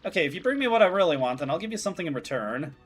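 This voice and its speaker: Man voicing a pert, spoiled rich kid for a game, lively and bouncy. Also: on the high side, racing, breathy edge, faint music behind. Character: spoiled rich little boy.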